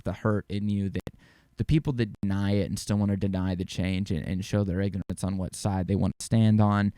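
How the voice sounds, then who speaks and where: A man's voice: fairly low pitch, mellow, dry recording, studio quality. A young man hosting his own podcast, talking casually and rambling, with frequent swearing and easy laughs. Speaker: podcast host. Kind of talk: casual solo podcast talk.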